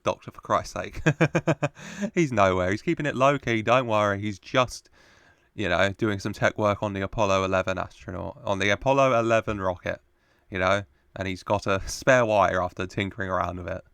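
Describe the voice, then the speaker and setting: A young man chats his way through a TV episode, playful and quick to laugh. His voice sits low. The recording is dry and close. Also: gravelly, a bit bright, clear, resonant tone, no echo. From United Kingdom. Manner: chatty, laughs often, playful asides. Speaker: reaction video host. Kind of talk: casual commentary on a TV episode.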